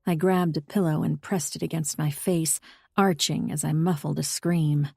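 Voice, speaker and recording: A woman reading a first-person audiobook novel in a steady, intimate way. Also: deep voice, moderate pace, gravelly, husky, no echo, studio quality. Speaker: audiobook narrator. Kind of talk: scripted first-person narration.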